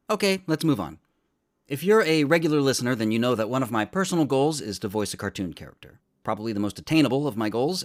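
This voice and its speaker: A man hosting a trivia podcast, joking and teasing himself in a casual monologue. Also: medium pitch. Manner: playful, jokey, self-mocking.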